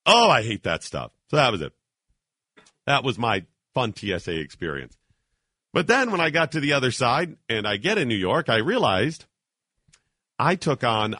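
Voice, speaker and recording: A male talk radio host in the middle of a monologue, his pitch rising and falling a lot as he goes. His voice is bright and forceful. It is recorded dry and close on a studio mic, and he talks indignantly and acts out the people in his story. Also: a little fast, no room sound. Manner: animated, indignant storytelling with acted quotes.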